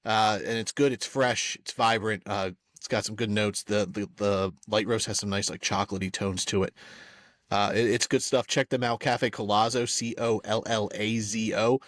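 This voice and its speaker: A man's voice: fairly low pitch, steady tone, moderate pace, a bit bright, dry recording. A young man co-hosting a casual sports podcast, talking in a rambling, laid-back way with lots of filler words. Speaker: podcast co-host.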